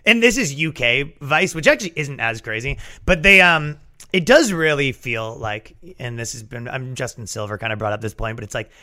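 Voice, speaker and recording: A man hosting a podcast, riffing in a profane, animated comedic rant. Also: mid-range voice, moderate pace. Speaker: podcast host.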